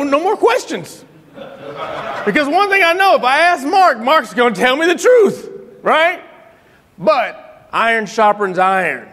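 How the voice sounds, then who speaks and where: A man giving an inspirational talk to other men, telling animated stories with frequent laughter. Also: sits high, long reverb tail. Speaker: speaker at a men's event.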